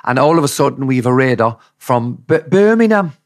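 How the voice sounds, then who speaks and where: A man's voice: mid-range voice, fairly even intonation, a little fast. A middle-aged man, a campaigning father telling his case in an interview, emphatic and indignant. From Ireland. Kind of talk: podcast interview.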